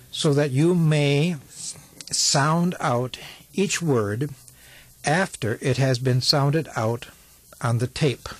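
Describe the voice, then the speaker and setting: A man reading a language lesson from an old instructional tape, slow and carefully enunciated. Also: medium pitch, husky.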